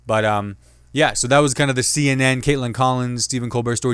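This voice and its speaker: A man hosting his own comedy commentary show, talking casually and jokingly, slipping into quick impressions of other people. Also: medium pitch, steady tone, a bit bright, clear, resonant tone, no echo. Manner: chatty, jokey, mimics others in quick asides. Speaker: podcast host and comedian.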